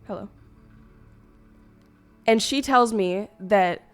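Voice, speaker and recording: Rambling young woman streamer, smooth voice. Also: medium pitch, slow, soft background music. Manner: rambling, hurt storytelling with many fillers and restarts. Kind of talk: casual stream chat.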